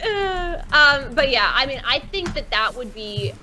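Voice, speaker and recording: A woman on a casual panel chat as a guest. She talks in an animated, quick way, full of fillers. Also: high voice, faint music behind, low-quality recording.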